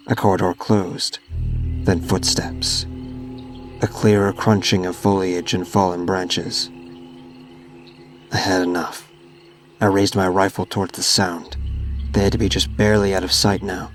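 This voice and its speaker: A man reading a horror story aloud as a guest narrator, in a steady, measured way. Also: low voice.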